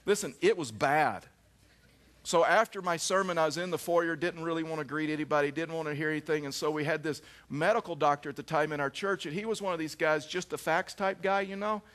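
Pastor, middle-aged man, lively storytelling sermon, voice a bit on the high side. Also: brisk. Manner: animated storyteller, frequent restarts and "I mean".

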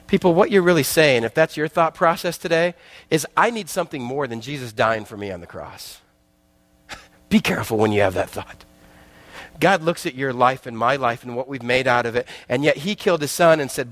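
A guest speaker preaches a sermon, telling a parable with acted-out voices and joking with the congregation. His voice is mid-range and a bit bright, his pace moderate, and the recording is dry.

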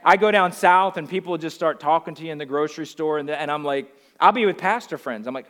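A man with a high, light voice preaches a sermon in a New Jersey accent. He drives his points home with repeated rhetorical questions, leaning hard on key phrases. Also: fast talker, few pauses, a bit bright. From Northeastern US. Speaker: pastor.

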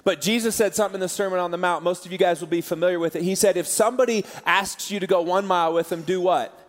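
High-voiced pastor preaching in a hall. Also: male voice, fast talker. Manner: animated, laughing storyteller. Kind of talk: sermon storytelling. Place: church auditorium. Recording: large hall with live audience.

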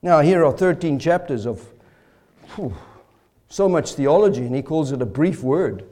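A man's voice: on the high side, expressive, moderate pace, mellow. A male preacher giving an expository sermon, earnest and emphatic, asking rhetorical questions.

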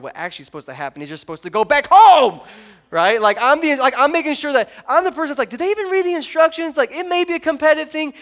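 High-voiced animated male preacher. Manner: animated, joking, rising to loud emphasis. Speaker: pastor. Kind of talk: sermon.

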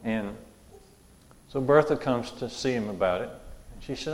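A man's voice: medium pitch, moderate pace, pauses often, big-room sound, rough recording. A man preaching a sermon in a church, conversational, repeating and restarting his phrases.

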